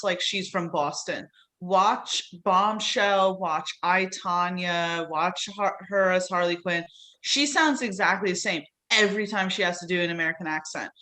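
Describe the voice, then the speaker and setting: Bright-voiced chatty woman. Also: mid-range voice. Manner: chatty, laughs often, lots of fillers. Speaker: podcast panelist. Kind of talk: casual chat.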